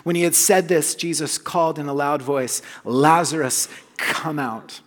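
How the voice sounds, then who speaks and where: A man preaching a sermon, earnest and emphatic, dropping soft on key phrases. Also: on the high side, measured pace, big-room sound. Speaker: pastor.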